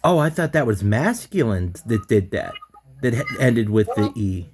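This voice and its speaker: A man learning a language in an online lesson. He thinks out loud and repeats words as he practices them. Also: fairly low pitch, big pitch swings, normal speed. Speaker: language student.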